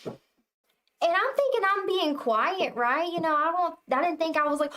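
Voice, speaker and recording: A young woman chatting casually with her viewers on a tarot reading livestream, telling stories in an animated way. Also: very high voice, normal speed. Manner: chatty, animated storytelling, talks to chat. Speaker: tarot reader livestream host.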